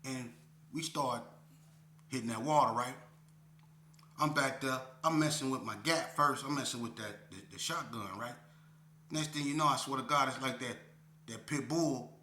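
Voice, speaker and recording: At a normal speed and with frequent pauses, a man tells a story as a guest in a casual interview, using streetwise slang and checking in with his listeners along the way. He's animated, and his voice climbs high whenever he retells a moment. The room is echoey, with a faint hum underneath.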